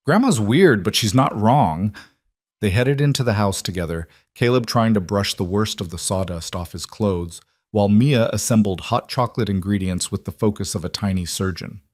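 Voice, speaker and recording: Low-voiced male story narrator. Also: a little fast, hardly any pauses, a little mellow, dry recording.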